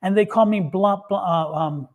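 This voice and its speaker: A man in casual chat, telling an animated story and acting out what people said. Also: high voice, moderate pace. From United States. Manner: animated storyteller, acts out quotes. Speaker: psychic reader and co-host.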